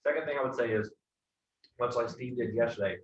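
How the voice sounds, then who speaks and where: A man's voice: medium pitch, fairly quick, roomy sound, recorded from a distance, muffled recording. A man coaching sales trainees, direct and confident, often checking in with "right?". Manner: direct, keeps asking "right?". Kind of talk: coaching feedback.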